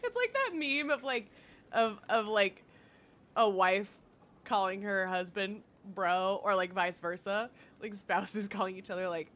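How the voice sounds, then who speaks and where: A woman's voice: medium pitch, animated, measured pace, fairly bright tone, slight background noise. A woman streamer chatting casually with viewers, giggly and full of fillers. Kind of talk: casual chat.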